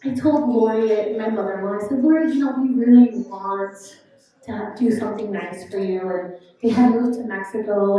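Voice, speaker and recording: Woman telling memorial stories, mellow voice, echoey room from far off. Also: mid-range voice. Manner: fond, chatty storytelling. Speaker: eulogy speaker. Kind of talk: memorial tribute speech. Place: country club function room. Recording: echoey room, distant mic.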